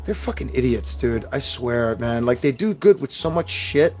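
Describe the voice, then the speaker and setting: A man's voice: mid-range voice, lively intonation, moderate pace, a little mellow, soft background music. A young man ranting casually as he unboxes and reviews collectible figures, swearing often and venting his frustration. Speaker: toy reviewer.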